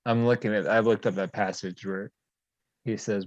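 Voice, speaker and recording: A man's voice: lowish voice, fairly even intonation, normal speed, no echo. Easygoing man on a dull, dry mic. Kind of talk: casual conversation.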